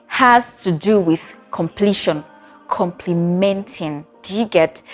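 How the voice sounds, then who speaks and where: A woman talks straight to camera as a therapist, advising on relationships. Her voice sits at a mid pitch, and she keeps it conversational, often checking in with rhetorical questions. Faint music plays behind her. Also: a little mellow. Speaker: therapist giving relationship advice. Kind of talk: talking-to-camera advice video.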